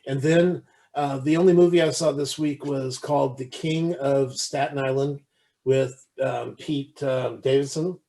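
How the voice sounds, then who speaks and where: A man's voice: mid-range voice, fairly even intonation, a little slow, warm tone. A man co-hosting a podcast, chatting casually with lots of restarts and fillers, acting out quoted lines while retelling a movie. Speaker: podcast co-host. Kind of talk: casual chat.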